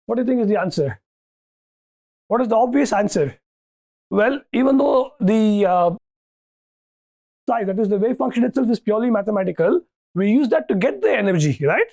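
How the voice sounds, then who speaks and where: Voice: medium pitch, expressive, moderate pace, long pauses, a little mellow. A lecturer giving a university lecture, thinking aloud with restarts and often asking "okay, right?" to check that students follow.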